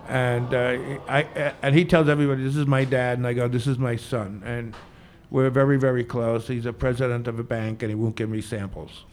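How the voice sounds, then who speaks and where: A man's voice: mid-range voice, level tone, fairly quick, darkish tone, a little hiss or hum. Chatty, joking older bartender man. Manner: chatty, joking, laughs a lot. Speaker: veteran bartender, guest. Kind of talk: storytelling in a Q&A.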